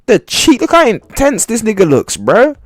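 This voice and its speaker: A man's voice: high-pitched, huge pitch swings, normal speed, dry recording, clean studio sound. A young man hosting a podcast, reacting to clips with mocking exclamations and muttered asides. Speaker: podcast host. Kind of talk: reaction commentary.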